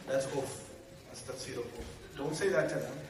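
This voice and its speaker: A middle-aged man giving a lively religious lecture to a live audience, firing off rhetorical questions and joking asides. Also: mid-range voice. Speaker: Islamic lecturer. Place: large hall with audience. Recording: very echoey hall, distant mic, faint hiss.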